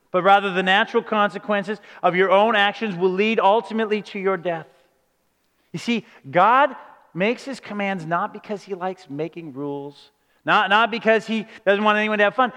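A man's voice: sits high, fairly bright tone. A man preaching a sermon in an earnest style, asking rhetorical questions and building to emphatic points. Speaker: pastor. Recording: long hall reverb.

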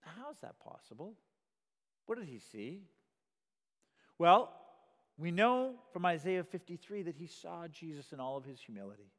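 A man's voice: a little high, big pitch swings, normal speed, pauses often, big-room sound. A man preaching a sermon in an earnest way, often repeating a word as he starts a sentence and pushing his voice up for emphasis. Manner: earnest, repeats words when starting, rises in volume for emphasis.

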